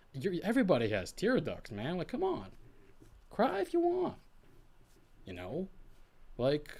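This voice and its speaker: A man chatting casually on his own stream, rambling and thinking out loud, often restarting his sentences. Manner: rambling, self-correcting, thinking aloud with many restarts; swings between low mumbles and bursts of high animated emphasis. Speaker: VTuber streamer. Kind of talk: casual solo stream chat.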